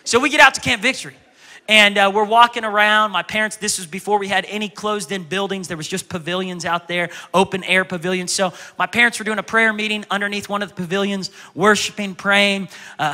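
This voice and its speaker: A pastor preaching a sermon in a bright, ringing, fairly high voice, with lots of echo from a long hall reverb. He tells stories with animation and acts out the voices of the people in them. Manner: animated storytelling, acting out childhood voices loudly.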